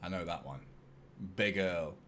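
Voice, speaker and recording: A man's voice: low-pitched, unhurried, fairly bright tone, slight background noise. Sweary man bantering with chat. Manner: casual, swears a lot, self-mocking banter with chat. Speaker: fan channel host. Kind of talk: live-stream watchalong chat.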